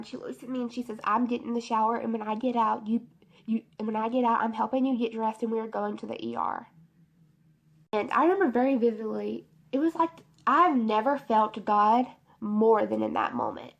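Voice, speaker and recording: Young woman, gravelly emotional storytelling. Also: a little high, moderate pace. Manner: emotional, rambling storytelling with many fillers. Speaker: beauty vlogger. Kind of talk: personal testimony vlog. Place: bedroom.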